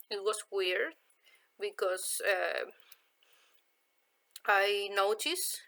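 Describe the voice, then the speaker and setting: A woman's voice: medium pitch, fairly bright tone, poor audio. A woman from Chile with a Chilean Spanish accent, chatting casually and hesitantly as she answers viewer questions in her vlog. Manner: unhurried, hesitant, many fillers. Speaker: vlogger.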